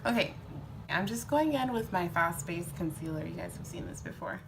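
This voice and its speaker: A woman's voice: lowish voice, expressive, moderate pace, gravelly, background noise. Teary young woman telling a love story. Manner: emotional, tearful, breaking into whispers and laughs. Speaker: beauty vlogger. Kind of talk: casual storytelling while doing makeup. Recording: faint background music.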